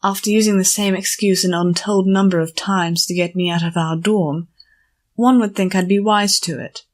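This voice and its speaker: A woman narrating an audiobook chapter in a measured storytelling manner. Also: medium pitch, fairly even intonation. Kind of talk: scripted narration.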